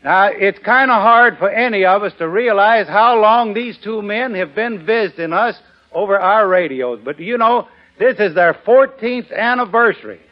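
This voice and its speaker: A man's voice: high-pitched, expressive, normal speed, highs cut off. A man hosting 1940s radio comedy banter, folksy and drawling, who chuckles at his own jokes. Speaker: host.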